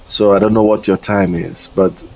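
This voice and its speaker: A man's voice: deep voice, steady tone, normal speed, creaky, a little hiss or hum. A man streaming a flight simulator, chatting casually in a rambling, hesitant way and chuckling often. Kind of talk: casual live-stream chat.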